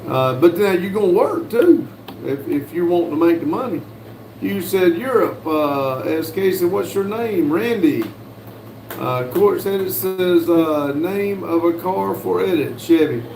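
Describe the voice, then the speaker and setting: A man from the United States hosting a casual livestream, reading viewers' messages aloud in a folksy, unhurried way with lots of "uh"s. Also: high voice, expressive, vocal fry, a little mellow, a little hiss or hum. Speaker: livestream host reading chat. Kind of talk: casual live chat. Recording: roomy with faint background ambience.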